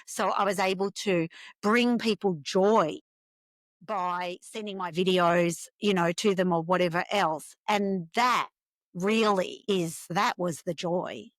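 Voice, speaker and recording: A woman's voice: mid-range voice, slow pace, no room sound. A woman, a podcast guest telling a personal story with feeling and acting out the voices of the people in it. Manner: animated, acts out dialogue in quoted voices.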